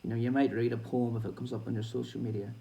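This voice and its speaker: A man's voice: medium pitch, level tone, fast, gravelly, warm tone, recorded from a distance, poor audio. A man hosting a boxing show, reading news aloud and breaking off into chatty, sweary asides with laughing comments.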